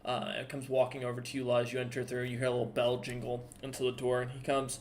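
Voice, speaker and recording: A man narrating a tabletop game as game master, halting and full of ums and uhs. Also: medium pitch, completely flat delivery.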